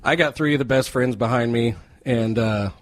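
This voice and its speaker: A man who plays in a band, a guest on a radio show in the station studio, talking in a halting way full of fillers. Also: mid-range voice. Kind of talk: casual radio chat.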